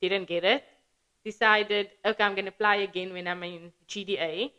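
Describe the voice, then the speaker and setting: A South African woman with a flat local accent, a podcast guest chatting casually and acting out her own past thoughts in quick quoted asides. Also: medium pitch, highs cut off. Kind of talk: casual conversational storytelling.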